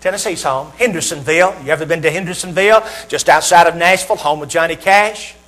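A Southern American preacher with a high, bright voice delivers his sermon. He asks his listeners question after question and lets each one hang with a pause. A faint mains hum sits under the recording. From Southern United States. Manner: rhetorical questions with dramatic pauses.

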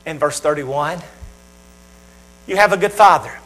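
A man's voice: a little high, measured pace, long pauses, a bit bright, poor audio. A middle-aged man preaching a sermon, talking straight to his congregation with emphatic, repetitive phrases that swell in volume.

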